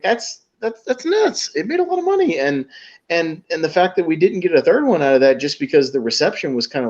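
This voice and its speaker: A man hosting a casual podcast chat, talking in an excitable, rambling way full of fillers. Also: a little high. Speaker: podcast host. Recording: dull lo-fi recording.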